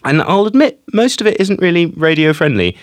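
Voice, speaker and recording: A man's voice: fairly high pitch, big pitch swings, a little fast, no echo, studio quality. A man hosting a film podcast in casual chat, hesitant and repeating words as he goes. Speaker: podcast host.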